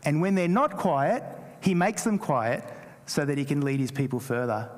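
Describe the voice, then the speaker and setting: A man's voice: fairly high pitch, moderate pace, in a large hall. A man whose first language is Greek, preaching a sermon as a pastor and lifting his voice on quoted scripture. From Greece. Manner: animated preaching, rising emphasis on quoted scripture.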